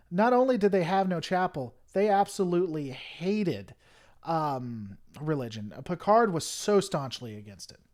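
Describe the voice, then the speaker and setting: In a high-pitched voice, a young Tennessee man with a Southern US accent hosts a casual live-stream chat and responds to viewers. He rambles with plenty of fillers and restarts, first heated, then apologetic.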